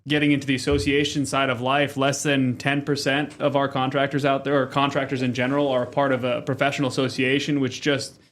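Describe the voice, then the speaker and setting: Male podcast host from Rhode Island, medium pitch, short agreeable replies. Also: level tone, a little fast, few pauses, fairly bright tone. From Rhode Island, United States. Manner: brief, agreeable backchannels. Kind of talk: casual interview chat.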